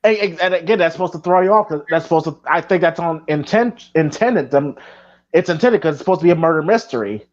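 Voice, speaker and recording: A man's voice: a little high, fast talker. A man co-hosting a live movie commentary podcast, talking animatedly and often repeating words while he thinks. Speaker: podcast co-host. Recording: dull lo-fi audio.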